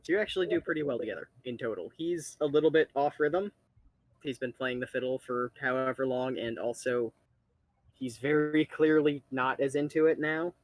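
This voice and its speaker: A man's voice: mid-range voice, moderate pace, no room sound, rough recording. Casual male game master, dry sound. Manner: relaxed, casual narration with fillers. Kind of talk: narrating a tabletop game over voice chat.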